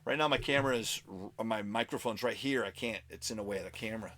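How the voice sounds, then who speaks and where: A man's voice: fairly low pitch, quick pace, bright, forceful tone. A man hosting a casual comic book collecting vlog at home, rambling and chatty with self-mocking asides. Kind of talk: casual show-and-tell vlog.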